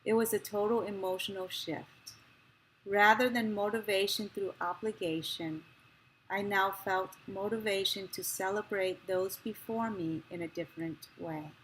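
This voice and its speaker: A woman reading a memoir passage aloud, in a slow, measured and gentle way. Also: mid-range voice, steady tone, a little hiss or hum, rough recording.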